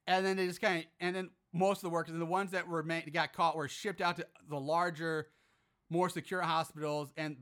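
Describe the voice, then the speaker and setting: Podcast host, male, bright voice, profane exasperated recap style. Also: high-pitched. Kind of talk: casual movie recap.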